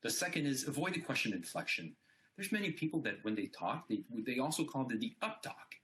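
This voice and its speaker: A man's voice: mid-range voice, very animated, fairly quick, a bit bright, a little hiss or hum. A man giving an informal talk on speaking and body language, explaining points with frequent fillers. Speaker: conference speaker. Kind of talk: informal presentation.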